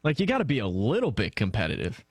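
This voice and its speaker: A man's voice: fairly low pitch, wildly swooping pitch, fast, no echo. A man co-hosting a sports talk radio show in an easygoing, chatty way. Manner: easygoing, chatty, laughs along. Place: radio studio. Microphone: studio microphone.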